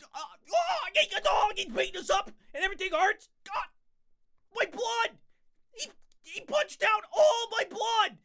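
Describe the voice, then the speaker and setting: A young man playing a hyper, fast-talking scout character from a game in a comic impression, frantic and yelping. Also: very high voice, big pitch swings, pushed and bright, exaggerated voice.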